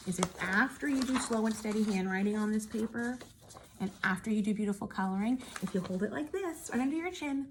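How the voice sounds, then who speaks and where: A woman teacher walking young children through a worksheet step by step, gentle, patient and encouraging. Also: medium pitch, slight background noise.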